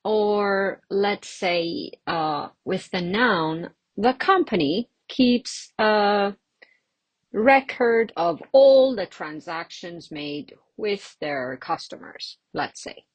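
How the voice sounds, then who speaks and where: A woman teaching an English pronunciation lesson, slow and patient, explaining with examples and pauses. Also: mid-range voice, lively intonation, slightly rough, no room sound.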